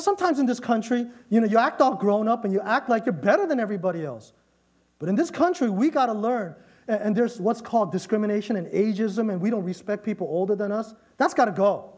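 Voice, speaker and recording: Male pastor, high voice, chatty and emphatic sermon delivery with frequent check-ins. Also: darkish tone. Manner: conversational preaching with frequent "okay?" check-ins; emphatic, repeating key phrases.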